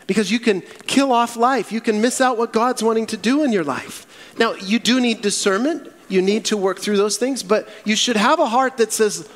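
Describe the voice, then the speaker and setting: High-voiced animated preaching man. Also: normal speed, long reverb tail. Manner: animated preaching with acted Bible quotes. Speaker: pastor. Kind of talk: sermon.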